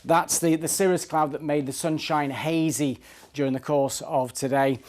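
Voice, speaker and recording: A man's voice: on the high side, steady tone, darkish tone. Upbeat male TV weather presenter. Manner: brisk, upbeat, conversational. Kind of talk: TV weather forecast. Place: TV studio.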